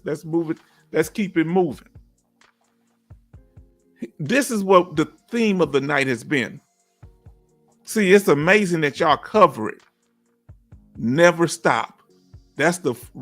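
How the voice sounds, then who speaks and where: A middle-aged man with a fairly high voice chats casually with his viewers. He reads their comments aloud and answers them in a folksy, encouraging way. Faint music plays underneath. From Houston, Texas. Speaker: livestream host. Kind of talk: casual livestream chat.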